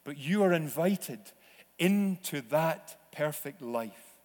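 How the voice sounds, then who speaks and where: A man preaching a sermon in a church, slow and deliberate, sometimes acting out voices. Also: fairly high pitch, lively intonation, darkish tone. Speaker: pastor. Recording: long reverb of a church hall.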